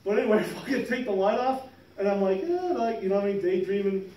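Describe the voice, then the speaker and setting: A man's voice: high voice, fast talker, dark tone. A man in his fifties telling a rambling, profane work story in casual chat, laughing as he goes. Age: 50s. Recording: roomy sound from a distant mic.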